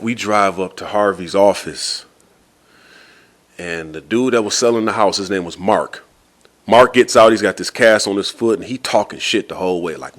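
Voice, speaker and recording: A man hosting a podcast, telling a story in a casual, animated way full of slang. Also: fairly low pitch. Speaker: podcast host.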